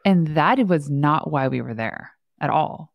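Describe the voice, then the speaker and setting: A woman's voice: sits low, animated, unhurried, creaky, no echo, clean studio sound. A woman podcast host telling stories in a chatty way and laughing often. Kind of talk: casual conversation.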